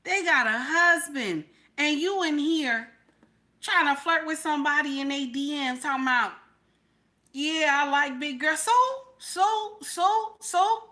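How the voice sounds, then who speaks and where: A woman's voice: high-pitched, animated, unhurried, sharp tone. An older woman, giving sassy live-stream commentary and often repeating "okay?". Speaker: reaction streamer.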